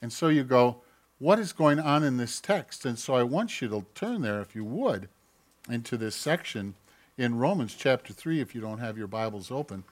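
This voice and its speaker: A man preaching a sermon, swinging from loud mocking outbursts to quiet asides and acting out quoted voices. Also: mid-range voice, expressive, moderate pace. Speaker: pastor.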